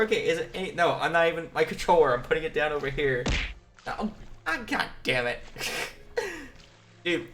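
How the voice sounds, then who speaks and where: A woman's voice: lowish voice, very animated, measured pace, long pauses, slight background noise. A woman streamer giving casual commentary while playing a game, laughing often and swearing when surprised.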